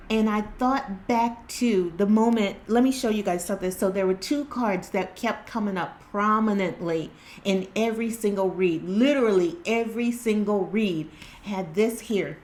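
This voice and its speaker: A woman with a mid-range, slightly mellow voice hosts her own spiritual tarot channel. Indoors at home by natural light, she chats earnestly and casually in a vlog style, using lots of fillers and restarts.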